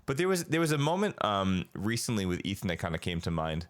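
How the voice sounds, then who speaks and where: Forties guy on a parenting podcast, lowish voice, rambles w lots of likes and you knows. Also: very animated, fast talker. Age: 40s. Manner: rambling, many fillers and restarts. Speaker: podcast co-host. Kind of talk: casual chat.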